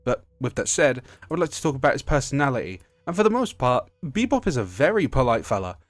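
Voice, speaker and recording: A man's voice: mid-range voice, big pitch swings, quick pace, no room sound. A British man talking casually about a video game, rambling and often correcting himself mid-sentence. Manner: rambling, self-correcting, chatty. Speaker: gaming video creator.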